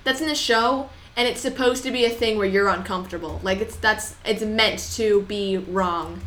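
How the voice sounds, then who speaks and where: A young woman co-hosting a casual chat, blunt and quick to groan in disgust. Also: mid-range voice, a bit bright. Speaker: podcast co-host. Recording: echoey room.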